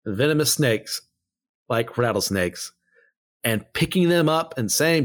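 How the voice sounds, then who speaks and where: A man's voice: on the high side, moderate pace. A man giving casual Bible commentary, blunt and opinionated, who drifts off on tangents and pulls himself back. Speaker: Bible study teacher.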